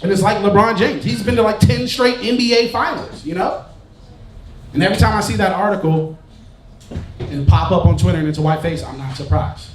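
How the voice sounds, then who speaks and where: A male comedian telling stories in a stand-up set at a live show, jumping to loud high bursts on his punchlines. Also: a little fast, faint music behind. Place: bar stage with live audience. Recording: roomy live venue, audience crowd, off-mic distance.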